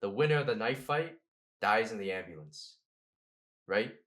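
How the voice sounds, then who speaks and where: Animated, laughing man telling stories. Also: on the low side, normal speed. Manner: animated, laughing storyteller with slangy asides. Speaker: podcast guest. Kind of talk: casual podcast conversation.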